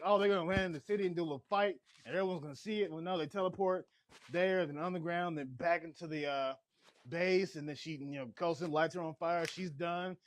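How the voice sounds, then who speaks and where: A man giving a casual spoiler recap of a TV episode, rambling and excitable, short on sleep. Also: on the high side. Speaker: TV show reviewer.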